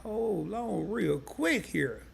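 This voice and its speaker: A man's voice: high voice, very animated, extremely slow, creaky, breathy edge. A man hosting a live stream, casually breaking things down step by step and often repeating himself. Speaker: crypto live stream host. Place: home setup, sharing his screen.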